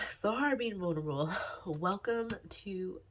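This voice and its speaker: A woman in her twenties talking candidly in a personal vlog, halting and sighing often, emotional and close to tears. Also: medium pitch, very animated, fairly bright tone, a little hiss or hum. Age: 20s. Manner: halting, sighing, many fillers and restarts. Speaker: budgeting vlogger.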